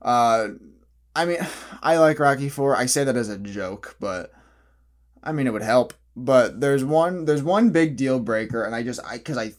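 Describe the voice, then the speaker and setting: A man's voice: medium pitch, expressive, normal speed. A young man in a casual, opinionated vlog monologue who rambles, restarts often and laughs at his own jokes. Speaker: vlogger.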